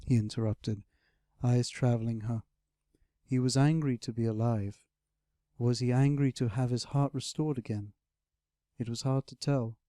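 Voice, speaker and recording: A man narrating a fantasy audiobook in a steady, measured storytelling manner. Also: medium pitch, dry recording, studio quality.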